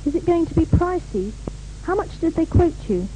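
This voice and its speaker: A woman's voice: very high-pitched, very animated, moderate pace, dark tone, slight background noise, low-quality recording. A woman playing a sympathetic friend in a scripted language-course dialogue, asking questions in a bouncy, sing-song way. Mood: concerned.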